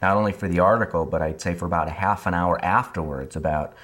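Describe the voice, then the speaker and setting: Deep-voiced man in interview. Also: fast talker, fairly bright tone. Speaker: writer interviewee. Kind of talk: documentary interview.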